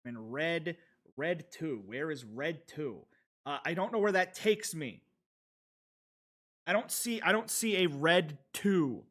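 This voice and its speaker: High-voiced man chatting through gameplay. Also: animated, slow, fairly bright tone. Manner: rambling, self-talking while playing, chatting with viewers. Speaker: streamer. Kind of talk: casual gameplay commentary.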